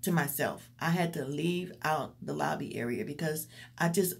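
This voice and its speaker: Low gravelly woman giving earnest encouragement. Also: moderate pace. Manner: earnest, encouraging, preacherly repetition. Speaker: motivational vlogger. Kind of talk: faith-based motivational talk to camera.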